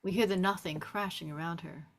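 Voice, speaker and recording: A woman reading the stage directions in a table read, with steady, descriptive narration. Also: lowish voice, brisk.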